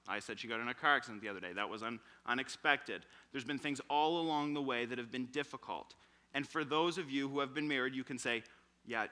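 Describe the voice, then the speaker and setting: A young man in his twenties preaching a sermon in church, telling stories and acting out quotes with energy. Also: mid-range voice. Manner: animated storytelling with acted quotes.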